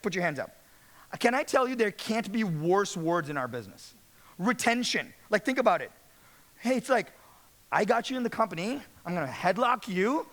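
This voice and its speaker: A man's voice: sits high, a bit bright. A man giving a motivational stage talk to sales managers, speaking emphatically and often asking the audience questions.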